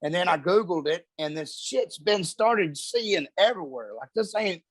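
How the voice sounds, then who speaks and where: A man telling a story as a podcast guest, laid-back and drawling, and swearing constantly. His voice sits a little high for a man and sounds close and dry, with no room around it. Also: expressive, moderate pace, a bit bright, husky, dry recording. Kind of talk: casual storytelling.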